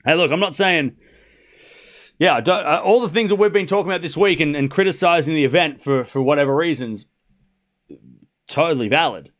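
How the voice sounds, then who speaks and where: Pitched fairly high and fairly bright, his voice moves a little fast, though he pauses often. He's the host of a live tennis watchalong stream, casually announcing scores amid banter, laughter and free-flowing profanity.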